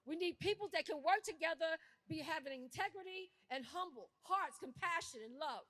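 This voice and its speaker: A woman speaking at a rally as an activist, indignant and forceful, rising to shouts, with a casual turn of phrase. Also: extremely high pitch, lively intonation, moderate pace, no room sound. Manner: casual speech with "y'all" and "I'ma". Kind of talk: impassioned rally speech.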